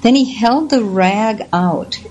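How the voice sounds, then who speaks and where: Animated woman telling a story, slightly muffled. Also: on the high side, slow, a little hiss or hum. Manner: animated storyteller, acts out quoted voices. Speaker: guest. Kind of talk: storytelling in an interview. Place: lives in the Southwest US. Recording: slightly dull lo-fi audio.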